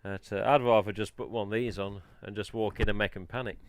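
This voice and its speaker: A man's voice: fairly low pitch, fairly even intonation, fairly quick, clear, resonant tone, no echo. A man hosting a casual live stream, chatting in a rambling way and answering the chat. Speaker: livestream host.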